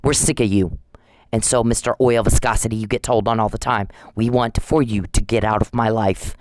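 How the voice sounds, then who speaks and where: A man's voice: on the low side, steady tone, a little fast, dry recording, poor audio. Angry man ranting, dry close sound. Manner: confrontational, profane, repetitive. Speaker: vlogger addressing a harasser. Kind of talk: angry direct-address rant.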